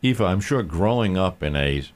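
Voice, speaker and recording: A man hosting a casual radio interview, chatty and relaxed with filler words. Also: low voice, normal speed, over music. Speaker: radio host.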